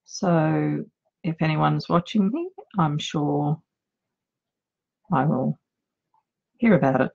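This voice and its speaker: Husky Australian woman, chatty and nervous. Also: low-pitched, slow pace, long pauses, darkish tone, dull audio. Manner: chatty, nervous and self-deprecating. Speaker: author. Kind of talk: casual live video chat. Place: home office.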